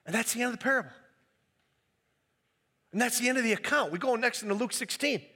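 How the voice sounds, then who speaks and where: A man preaching a sermon as pastor, animated and acting out the quoted voices. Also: very high voice, quick pace, breathy edge, in a large hall.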